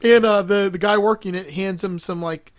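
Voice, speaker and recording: A man's voice: high voice, steady tone, moderate pace, no echo. A man co-hosting a podcast, casually recapping a movie with lots of fillers and laughter. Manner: rambling, laughs often, many fillers. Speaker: podcast co-host.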